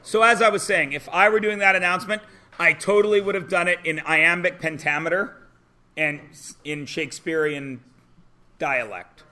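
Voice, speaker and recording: A man in his forties, a high school English teacher, talking to his class in an animated, sarcastic, joking way. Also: normal speed. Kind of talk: classroom talk.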